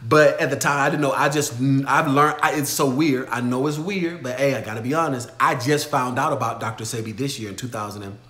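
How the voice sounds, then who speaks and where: A man hosting a motivational livestream Q&A, talking emphatically, swinging from loud exhortation to low storytelling. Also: fairly quick, few pauses, echoey room. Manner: emphatic, preachy, shifts from shouting to low storytelling. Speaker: livestream host answering viewer questions.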